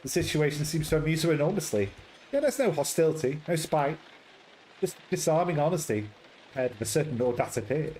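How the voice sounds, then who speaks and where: A man's voice: a little high, lively intonation, fairly quick, darkish tone, a little hiss or hum, low-quality recording. Playful man reading a game aloud. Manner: wry, playful asides. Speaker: let's play host.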